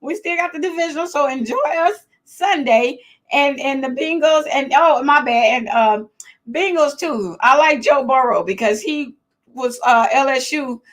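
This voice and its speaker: A fairly high-voiced woman hosts a casual live-stream chat from home. She is chatty and excitable, laughs often and talks straight to the people watching. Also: normal speed. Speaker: host of a live chat show.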